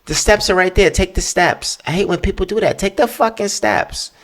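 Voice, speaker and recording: This podcast host has a high voice and speaks at a moderate pace. On his own show, he goes on a casual, profanity-laden rant that rambles along with plenty of animation.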